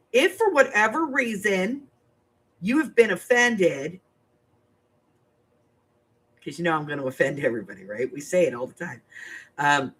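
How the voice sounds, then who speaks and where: Her voice sits fairly low and carries a breathy edge. She's an older woman, a grandmother hosting a crafting channel's live stream, talking to her audience in a blunt, rambling, casual way.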